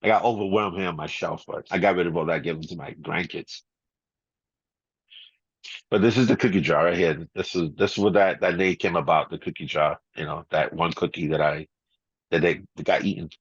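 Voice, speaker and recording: Laid-back low-voiced man, muffled audio. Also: fairly even intonation, fairly quick, breathy edge, dry recording. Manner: laid-back, laughs often, many "you know" and "man" fillers. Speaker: guest DJ. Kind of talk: casual storytelling interview. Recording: slightly dull, muffled audio.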